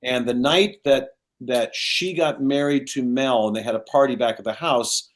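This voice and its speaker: Speaking at a moderate pace in a medium-pitched voice, the sixty-something show host recounts stories in casual talk, animatedly imitating other people's voices as the anecdotes unfold.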